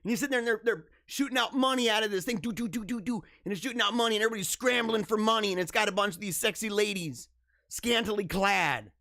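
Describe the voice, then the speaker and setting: High-voiced man rambling on a livestream. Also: fast, gravelly, pushed and bright, dry recording, studio quality. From United States. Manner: rambling, joking, chuckles often. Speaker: livestream host. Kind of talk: casual commentary reading news.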